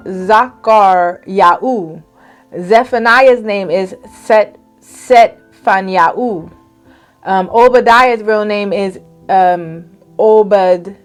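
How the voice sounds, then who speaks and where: A woman vlogger giving a preachy bible study talk, often checking in with "okay?". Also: medium pitch. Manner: preachy, keeps asking "okay?".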